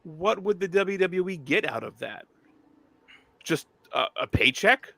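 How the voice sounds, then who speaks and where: A man with a very bright, sharp tone jokes and teases through a casual chat. His pitch sits a little high and swings widely. The sound is dry and close. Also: measured pace, gravelly, no room sound. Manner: joking, teasing, animated.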